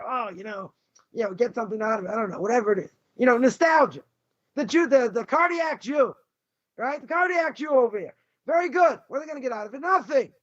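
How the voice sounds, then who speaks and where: Blunt high-voiced rabbi, lo-fi sound. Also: male voice. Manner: blunt, combative, sarcastic. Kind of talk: Torah lecture. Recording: dull lo-fi recording.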